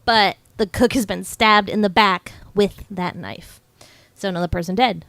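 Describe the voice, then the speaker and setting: A young woman on a podcast, telling a film's story in a loose, chatty way and dropping into quick voices for the characters. Her voice sits in a middle register. The sound is dry, with no room echo. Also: mid-range voice, gravelly, a bit bright. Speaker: podcast co-host. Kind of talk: casual chat recapping a film.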